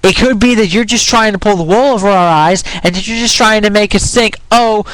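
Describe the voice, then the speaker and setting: Fairly quick and a bit bright, the high voice of a young man carries a rambling, frustrated rant for his opinion vlog. He curses while arguing, starts sentences over, and cracks on higher notes, captured in a rough recording with no echo.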